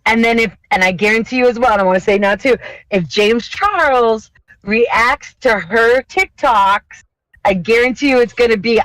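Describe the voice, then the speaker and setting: A young woman co-hosts a podcast, chatting casually, ranting with profanity and mimicking others in mocking voices. Her voice is a little high and fairly bright at a moderate pace, with no echo but poor audio quality.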